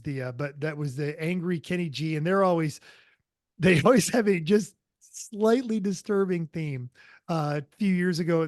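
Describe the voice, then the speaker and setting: A man co-hosting a motoring podcast in a loose, rambling way, stopping often for fillers and little asides. His voice sits a bit high for a man. It sounds close and dry, with no room around it. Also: dry recording. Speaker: podcast co-host. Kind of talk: casual chat.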